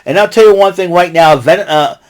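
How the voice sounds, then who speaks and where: An American man hosting his own vlog, giving an excitable, rambling recap full of asides and restarts. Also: sits high, fairly quick. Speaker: vlog host recapping wrestling.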